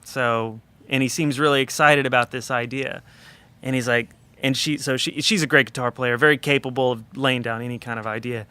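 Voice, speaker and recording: Bright, clear-voiced man telling a story. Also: mid-range voice, brisk. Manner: animated, chatty storyteller with many fillers. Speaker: record producer guest. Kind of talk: casual storytelling in a podcast interview.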